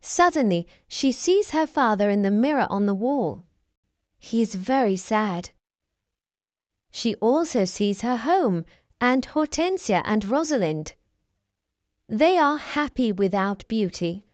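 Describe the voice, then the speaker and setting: Female narrator for a graded reader; clear, deliberate, slightly high. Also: very animated, a little mellow, no room sound. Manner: clear, deliberate reading for learners.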